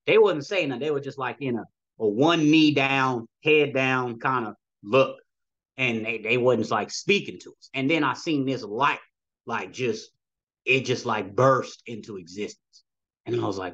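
A man's voice: mid-range voice, normal speed, a bit bright, lo-fi sound. A man telling a personal story as a podcast guest, rambling and acting out dialogue with frequent "you know" asides.

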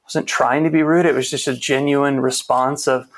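A man's voice: mid-range voice, fairly even intonation, normal speed, hardly any pauses. A man guest in a conversation, telling a personal story in an earnest, reflective way, often restarting his sentences. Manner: earnest, reflective, with frequent restarts and quoted dialogue. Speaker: interview guest.

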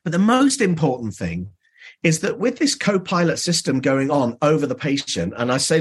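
A dentist being interviewed on a podcast, telling stories in an animated way and acting out dialogue. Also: male voice, on the high side, normal speed, slightly rough.

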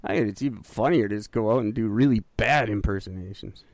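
A man's voice: lowish voice, fast, no room sound. A man co-hosting a casual podcast chat, rambling and self-mocking. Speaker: podcast co-host.

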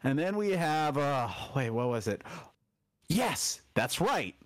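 Unhurried male co-host, playful quips, dry close mic. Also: a little high, sing-song, dry recording. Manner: joking, drawn-out prompts, leads the word list. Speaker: podcast co-host, learner. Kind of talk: casual podcast lesson.

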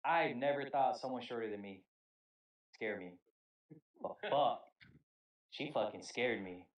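A young podcast co-host tells an army story in casual chat, animated and profane, acting out quotes along the way. His mid-range voice moves at a measured pace, and the recording is rough.

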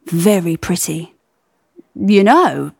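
A man's voice: high-pitched, animated, slow, creaky, slightly rough, no room sound, clean studio sound, heavily acted. A woman doing an awkward, grave young man. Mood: earnest. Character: awkward small male photographer, earnest and grave.

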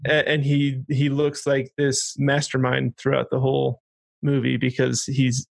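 A man, a parent and regular co-host, chatting casually and excitedly retelling funny movie scenes. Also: mid-range voice, a little slow, creaky, dry recording. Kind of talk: casual chat about a film.

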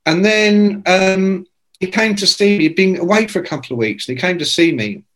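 A man's voice: high voice, normal speed. A man in his sixties telling rambling, sweary anecdotes in casual conversation and acting out the people he quotes. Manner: animated, sweary, acts out quoted voices. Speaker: guest. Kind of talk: casual storytelling.

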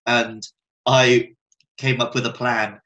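A man's voice: medium pitch, little pitch movement, takes it slowly, sharp tone, rough recording. A man co-hosting a film podcast, telling stories animatedly and slipping into playful quoted voices. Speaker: podcast co-host. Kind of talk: casual film podcast chat.

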